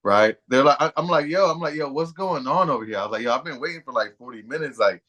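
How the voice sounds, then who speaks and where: Man, mid-pitch voice, rambling, slangy, swearing, storytelling. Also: expressive, fast talker, sharp tone. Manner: rambling, profane, slangy anecdotes. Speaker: podcast co-host. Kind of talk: casual storytelling chat.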